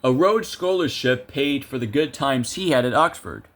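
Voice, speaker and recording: A man's voice: medium pitch, expressive, moderate pace, a bit bright, a little hiss or hum. A young man commentating a video game casually, chatty and self-amused, thinking aloud with lots of fillers. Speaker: gameplay video creator.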